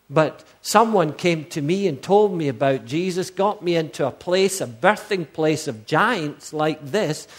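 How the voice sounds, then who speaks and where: A middle-aged man preaching a sermon as pastor, emphatic and driving home his points with repeated rhetorical questions. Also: fairly high pitch.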